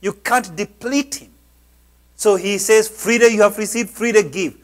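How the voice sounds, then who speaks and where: A man's voice: sits high, a little slow. A man preaching a sermon as a pastor, exhorting his listeners with emphatic, insistent delivery.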